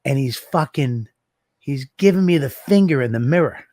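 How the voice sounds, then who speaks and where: A man co-hosting a podcast, telling stories in a casual, animated way, swearing and acting out what people said. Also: medium pitch, moderate pace, no echo. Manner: animated storyteller, swears a lot, acts out dialogue. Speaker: podcast co-host. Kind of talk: casual chat.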